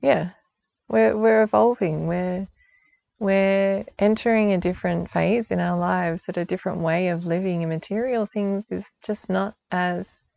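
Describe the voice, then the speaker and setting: A woman's voice: fairly low pitch, creaky, darkish tone, lo-fi sound. A woman giving a chatty spiritual guidance talk outdoors, reassuring and laughing often. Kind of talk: casual spiritual forecast talk.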